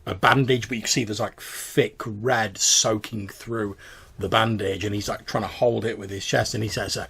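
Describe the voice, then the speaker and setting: A man runs a tabletop game, narrating scenes with plenty of stops and fillers. His low voice is gravelly and a little husky. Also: fairly even intonation, fairly bright tone. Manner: halting narration with many fillers. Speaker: game master.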